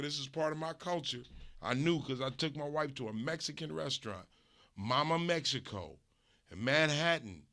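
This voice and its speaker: On his stream, a middle-aged LA host rants his way through a comic tale, cursing freely and animatedly, his voice lurching up and down in pitch and loudness.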